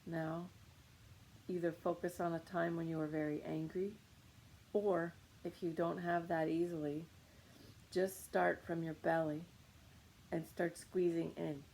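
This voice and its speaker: A woman's voice: fairly low pitch, flat delivery, unhurried, creaky, pauses often, a little mellow, slight background noise, poor audio. A woman leading a guided meditation on anger, coaching listeners with short repeated commands.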